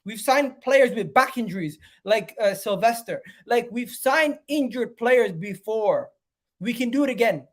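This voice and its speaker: A man's voice: extremely high pitch, lively intonation, a little slow. Exasperated man ranting on a live stream. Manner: exasperated, repeats phrases over and over; swings between loud outbursts and muttering. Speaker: fan channel host. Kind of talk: live-stream football fan rant.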